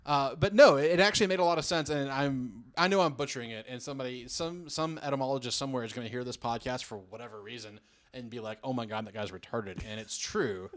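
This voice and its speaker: A man's voice: medium pitch, quick pace, a bit bright. A man from the American South in casual podcast chat, rambling and self-mocking, often restarting his sentences. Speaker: podcast guest.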